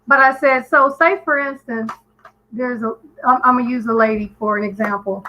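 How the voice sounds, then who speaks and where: A woman's voice: on the high side, moderate pace, bright, forceful tone, slight background noise, poor audio. A woman calling in to a live stream, telling a story in an earnest, emphatic way with frequent restarts. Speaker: guest caller on a live stream. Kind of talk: casual call-in chat.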